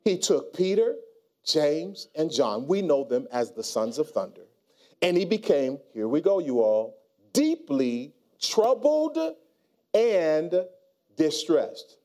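A male pastor preaching a sermon, calling on the congregation to answer back and building to shouts. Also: on the high side, sing-song, slow pace. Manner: preaching with call-and-response and rising shouts.

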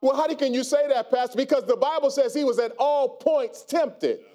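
High-voiced preacher shouting to his congregation. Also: moderate pace. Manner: preaching with call-and-response and rising shouts. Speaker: pastor. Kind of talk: sermon.

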